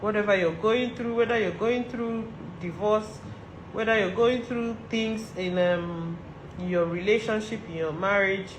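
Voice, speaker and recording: Speaking to fellow women in a motivational monologue, a Nigerian-accented vlogger offers earnest advice and repeats her urgings to drive them home. Her voice is mid-range, the sound roomy, and the background noisy.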